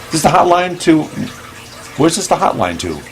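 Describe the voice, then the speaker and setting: A man's voice: on the high side, very animated, moderate pace. Rambling male host with faint background hiss. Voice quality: hesitant, full of ums and restarts. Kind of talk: casual rambling comedy monologue.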